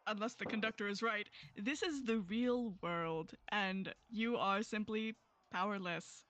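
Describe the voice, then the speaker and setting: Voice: mid-range voice, a little slow, a bit bright, dry recording. A player in a tabletop game who speaks playfully and politely in character. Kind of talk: tabletop role-play.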